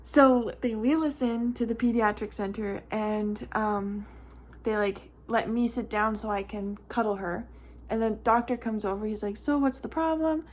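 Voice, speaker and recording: A woman's voice: mid-range voice, fairly even intonation, a little slow. A young woman and mother telling a casual storytime vlog, chatty and rambling with many "like" fillers, close to tears at times.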